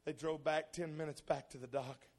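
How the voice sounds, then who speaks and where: A man preaching a sermon, telling a story and building into loud, impassioned preaching. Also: on the high side, steady tone, moderate pace.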